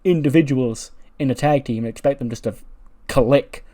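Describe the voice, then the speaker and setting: A man doing a hot-tempered male coach at a wrestling school, heard in a game let's-play. He lectures in a loud, pushy voice and bristles at disrespect. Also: mid-range voice, normal speed, natural voice. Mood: lecturing. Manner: lecturing, then shouting and challenging.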